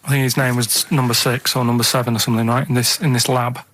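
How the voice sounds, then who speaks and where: A man from Manchester telling a rambling story on a radio show, halting and tacking "right?" onto his sentences. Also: mid-range voice, level tone, a bit bright, dry recording. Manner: meandering, halting, keeps adding "right?". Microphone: studio microphone.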